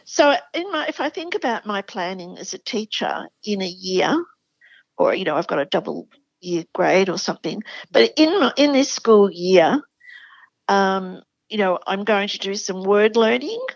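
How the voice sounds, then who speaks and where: A woman's voice: medium pitch, lively intonation, normal speed, creaky, dry recording, dull audio. An Australian woman, a literacy educator, explaining classroom spelling enthusiastically in a podcast chat. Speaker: literacy educator, show regular. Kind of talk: conversational podcast interview.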